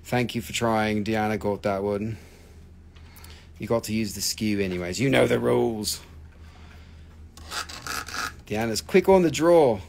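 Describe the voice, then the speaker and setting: A man's voice: lowish voice, measured pace, vocal fry, pauses often, a little mellow, a little hiss or hum. Joking man selling gems live. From United States. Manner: joking, rambling, swears. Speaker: live-stream gem seller. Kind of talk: casual live sales chat.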